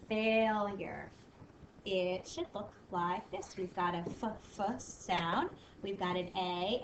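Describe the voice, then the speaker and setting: A woman teacher giving a spelling lesson to children, upbeat, sounding words out slowly. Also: mid-range voice, fairly bright tone. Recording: echoey room from a distance, faint noise.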